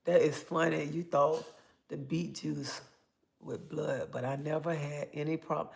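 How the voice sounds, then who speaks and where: Gravelly older woman chatting on a livestream. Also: sits low, unhurried. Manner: chatty, animated storytelling with bursts of excitement. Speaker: livestream host. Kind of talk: casual live-stream chat, reading comments aloud.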